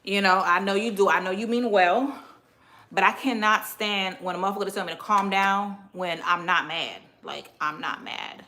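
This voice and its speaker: A woman's voice: mid-range voice, moderate pace. A woman from Miami with a Caribbean-American accent, chatting bluntly and profanely on a livestream while she cleans. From Miami, Florida. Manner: blunt, profane, animated storytelling. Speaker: livestream host.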